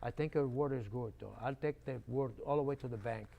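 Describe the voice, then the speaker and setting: A man's voice: mid-range voice, a little fast, vocal fry, narrow, tinny audio. An older man hosting a local TV interview, talking in a folksy, chatty and jokey way. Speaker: local TV host. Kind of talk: casual interview talk. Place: local cable TV studio.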